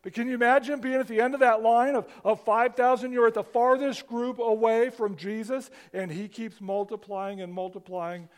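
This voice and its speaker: A man with a strikingly high voice preaches to his congregation. His delivery is animated and conversational, with repeated restarts as he builds his points. The pacing of a live sermon comes through in how he talks. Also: moderate pace, few pauses. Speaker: pastor.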